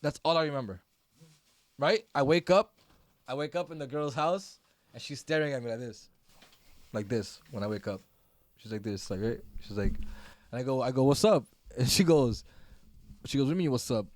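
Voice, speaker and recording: A man's voice: medium pitch, normal speed, pauses often, no echo. A man hosting a podcast, telling a loose, profane story and laughing often. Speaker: podcast host. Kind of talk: casual chat.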